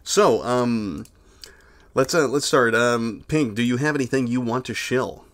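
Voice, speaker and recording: A man's voice: mid-range voice, unhurried, fairly bright tone. A man hosting a casual livestream, reading donation messages aloud in a laid-back, crude way. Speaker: livestream host.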